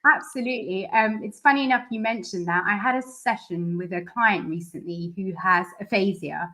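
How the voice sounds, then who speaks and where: A woman's voice: mid-range voice, normal speed, bright, forceful tone. A woman speech and language therapist answering interview questions, explaining earnestly and step by step through examples.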